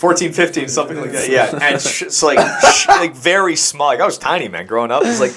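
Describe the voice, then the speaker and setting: A man's voice: on the high side, lively intonation, fast, a loud crowd. Laid-back man telling a story. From Montreal. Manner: rambling anecdotal, laughs mid-sentence. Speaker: podcast co-host. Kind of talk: casual storytelling chat.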